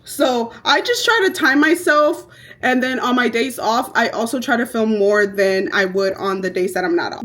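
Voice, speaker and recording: A young woman vlogger chatting through her makeup routine, telling stories in a brash, profane, animated way. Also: a little high, normal speed. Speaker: beauty vlogger. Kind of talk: casual get-ready-with-me chat.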